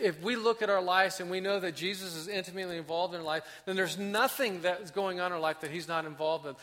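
A man delivers a sermon with real conviction, voicing prayers as if speaking them himself. His voice sits high and rings bright. On key points he slows right down and softens. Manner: impassioned preaching, acts out prayers, drops to soft emphasis. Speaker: pastor.

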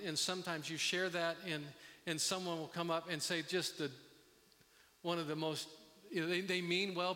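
A middle-aged man preaching a sermon as pastor, earnest and halting, with many restarts. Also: a little high, sharp tone. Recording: long reverb of a hall.

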